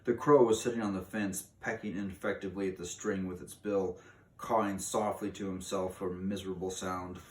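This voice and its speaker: A man reading a children's book aloud in an unhurried way, pausing for casual asides. He is recorded from a distance in an echoey room with faint noise. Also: sits low, steady tone. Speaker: reader.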